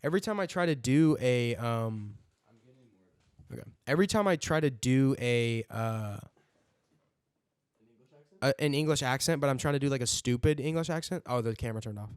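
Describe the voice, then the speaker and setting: Male podcast co-host, 20s; rambling, profane casual talk, mid pitch. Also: normal speed, pauses often, smooth, no room sound. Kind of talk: casual chat.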